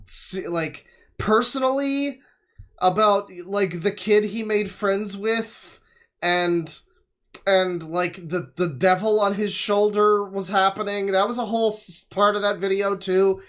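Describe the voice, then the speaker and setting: A man's voice: sits high, takes it slowly, fairly bright tone. A man hosting a livestream, giving casual reaction commentary on a video with rambling, sarcastic and profane riffs.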